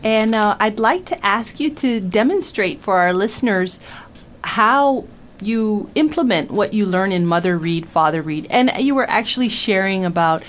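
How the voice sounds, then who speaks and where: Encouraging woman radio host, interviewing a parent, friendly, medium pitch. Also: animated, moderate pace, a little hiss or hum.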